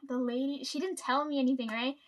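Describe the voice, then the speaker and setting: A woman's voice: high-pitched, lo-fi sound. A woman telling a story to her viewers in a casual chat, rambling, swearing freely and filling her talk with "like" and "right?". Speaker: vlogger.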